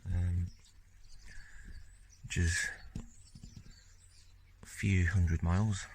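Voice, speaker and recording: Low-voiced man, rambling and relaxed. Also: very slow, a little hiss or hum. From Scotland. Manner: relaxed, rambling, many fillers and "yeah"s. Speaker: car-repair vlogger. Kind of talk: casual video diary narration.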